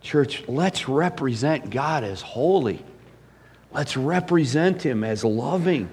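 A man preaching a sermon as pastor, animated and swinging between loud emphasis and hushed asides. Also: mid-range voice, slow pace, husky, in a large hall.

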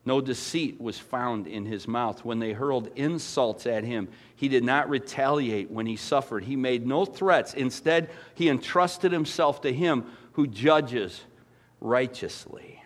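A man preaching a sermon, telling stories with big swings from quiet, low passages to loud, excited ones. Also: measured pace, few pauses. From former dairy farmer. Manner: animated storytelling, swings from soft to loud. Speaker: pastor.

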